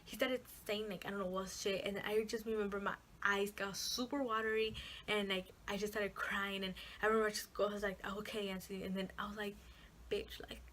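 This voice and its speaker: A young woman vlogs to her camera in a loose, rambling way, packing her sentences with fillers and dropping the occasional swear word. Her pitch sits in the middle, and a faint hiss runs underneath. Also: fairly even intonation, brisk, fairly bright tone. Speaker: vlogger. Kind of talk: casual chat to camera.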